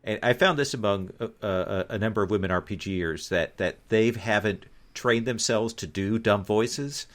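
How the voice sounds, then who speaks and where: Earnest, stammering lower-voiced man. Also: moderate pace, few pauses. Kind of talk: casual chat.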